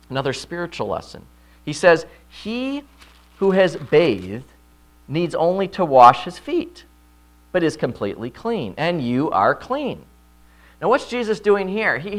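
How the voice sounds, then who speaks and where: With a mid-range voice, a male pastor preaches an expository sermon, frequently checking in with his listeners by asking "right?" and voicing quoted lines loudly.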